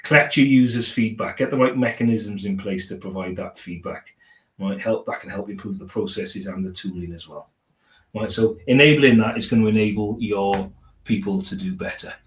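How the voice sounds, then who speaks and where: Male conference speaker, lowish voice, motivational, tag-question habit, roomy hall sound. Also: moderate pace, far from the mic. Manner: peppers sentences with "right?" tag questions; upbeat, motivational delivery. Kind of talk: technical conference presentation. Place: conference room. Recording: roomy conference room echo.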